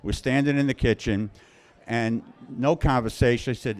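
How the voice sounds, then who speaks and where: A man's voice: mid-range voice, normal speed. A man from Queens, telling a personal story live in a wry, conversational, self-mocking way. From Queens, New York.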